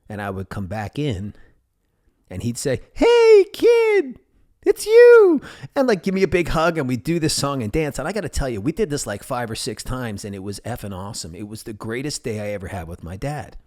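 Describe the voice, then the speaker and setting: A man hosting a podcast, telling personal stories in a casual, animated way and acting out the voices of the people in them. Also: fairly low pitch, a little fast. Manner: animated, acts out quoted voices. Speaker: podcast host.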